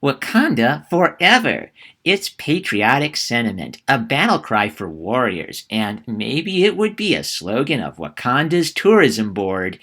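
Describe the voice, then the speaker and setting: A man's voice: mid-range voice, huge pitch swings, measured pace, sharp tone, exaggerated voice. A man putting on a mocking millennial voice to read a review aloud, sentimental and overwrought. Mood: mock-earnest. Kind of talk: sarcastic quoted reading.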